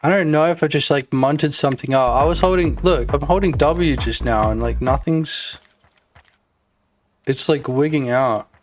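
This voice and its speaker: A man streaming his game development, chatting casually, excitable, laughing and swearing a lot. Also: fairly high pitch, moderate pace, slight background noise. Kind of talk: casual live-stream chat.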